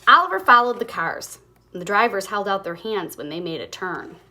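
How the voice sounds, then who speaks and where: A woman reading a picture book aloud to children in an animated way, stopping for asides to her young listeners. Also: medium pitch, normal speed, a little hiss or hum. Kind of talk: storybook read-aloud.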